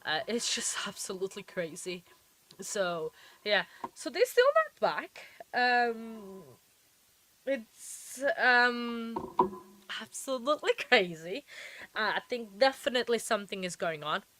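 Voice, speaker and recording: A woman's voice: a little high, very animated, slow, bright, forceful tone. A woman hosting a live stream in a casual, chatty way, often laughing and talking straight to her viewers. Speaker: livestream host.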